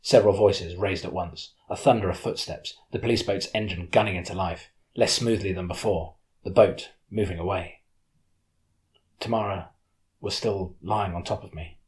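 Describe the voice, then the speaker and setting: A man narrating an audiobook in the first person with steady storytelling. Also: low-pitched, normal speed.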